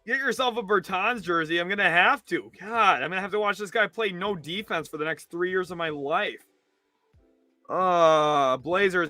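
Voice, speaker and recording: A man's voice: normal speed, no echo, soft background music. Exasperated young man ranting live. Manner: exasperated, ranting, swings from loud outbursts to low mutters. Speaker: sports livestream host. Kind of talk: live reaction commentary.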